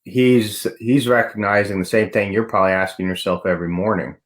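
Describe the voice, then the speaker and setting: A man's voice: lowish voice, steady tone, brisk. A man hosting a veterans' podcast interview, speaking in a supportive, reflective and plain-spoken way. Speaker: podcast host. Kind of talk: conversational interview.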